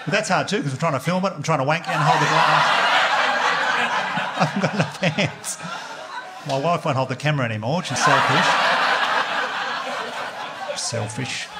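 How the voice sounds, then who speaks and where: An Australian man doing a stand-up comedy set, telling crude stories in a deadpan way and quoting other people's voices. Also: on the high side, normal speed, pauses often, very noisy. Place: comedy club stage before a live audience. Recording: live stage mic, loud crowd laughter. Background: audience laughter.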